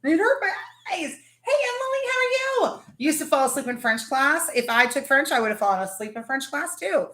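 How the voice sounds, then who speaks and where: Chatty woman hosting a stream, kinda high voice, roomy echo. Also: lively intonation, a little fast, hardly any pauses, pushed and bright. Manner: chatty, greets viewers by name. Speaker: livestream host. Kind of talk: casual chat with viewers.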